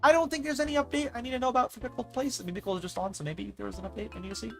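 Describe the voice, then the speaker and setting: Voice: medium pitch, rapid-fire, creaky, faint music behind. A gaming streamer chatting casually and telling stories in a rambling way, with lots of "like" fillers. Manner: rambling, animated storytelling with filler "like".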